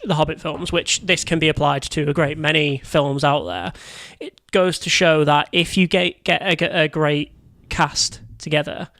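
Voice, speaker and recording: A man's voice: a little high, fairly even intonation, fairly bright tone, dry recording, clean studio sound. A young man co-hosting a podcast in casual chat, often restarting and repeating words before finishing a thought. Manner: halting, repeats words and restarts, laughs easily. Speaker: podcast co-host.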